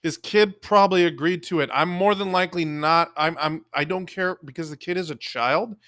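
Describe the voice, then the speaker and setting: Angry, profane streamer with a high voice. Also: male voice, moderate pace, fairly bright tone, dry recording, clean studio sound. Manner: heated, profane, scolding the audience. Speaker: live streamer. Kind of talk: angry live-stream commentary rant.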